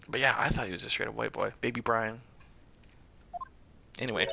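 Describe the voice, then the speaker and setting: A man's voice: mid-range voice, fast, vocal fry, pauses often, no room sound. A young man streaming a game, chatting casually and joking, putting on voices. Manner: joking, animated, puts on voices. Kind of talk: casual let's-play chat.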